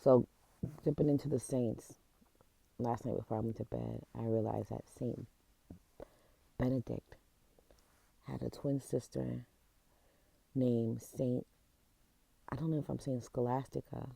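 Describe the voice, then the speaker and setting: A woman in a casual vlog, retelling a story in an emotional, halting way, close to tears, with many restarts. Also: very deep voice, fairly even intonation, gravelly, dark tone, slightly rough, no room sound. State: teary, close to crying. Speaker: vlogger. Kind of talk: casual chat.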